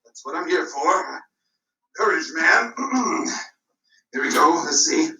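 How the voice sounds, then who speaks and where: Woman doing a gruff, pompous village policeman. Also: low voice, lively intonation, pushed and bright, reverberant, far from the mic, voice pushed down, exaggerated voice, rough recording. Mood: stern. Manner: blustery and indignant, slow deliberate speech. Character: pompous male village police officer, stern.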